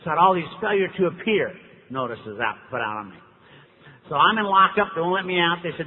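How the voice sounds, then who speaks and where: A man's voice: a little high, very animated, fairly quick. A man from Dallas, Texas, telling his story to an audience in a folksy, wry manner, acting out the dialogue as he goes. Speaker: recovery speaker. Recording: tinny lo-fi hall recording.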